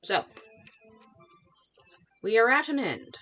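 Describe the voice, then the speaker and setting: A woman's voice: medium pitch, measured pace, faint music behind. A woman hosting a live cooking stream, chatting casually while she eats. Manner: relaxed, talking while eating. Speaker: livestream host.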